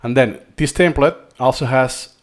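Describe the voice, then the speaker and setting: This is screen-recorded tutorial talk from a Spanish-accented man, a native speaker from Spain, explaining a learning tutorial. His pitch is medium and his pace moderate, and he thinks out loud, circling back to repeat himself.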